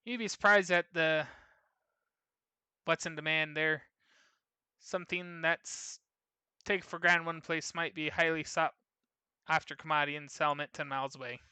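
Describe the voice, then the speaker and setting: A man's voice: a little high, steady tone, normal speed, pauses often, pushed and bright, clean tone, no echo. A man reading aloud the lines of a boastful, folksy caravan trader. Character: gruff male caravan trader. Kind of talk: reading game dialogue aloud.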